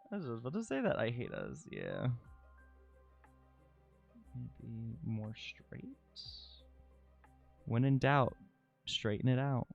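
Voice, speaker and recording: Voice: medium pitch, huge pitch swings, takes it slowly, gravelly, pauses often, soft background music. A live streamer chatting casually while drawing, dramatic and self-critical, who swears freely.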